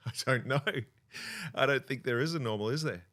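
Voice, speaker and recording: A relaxed Australian man, a comedian and impressionist, chatting casually as a podcast guest and laughing easily. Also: medium pitch, moderate pace, a crowd in the background.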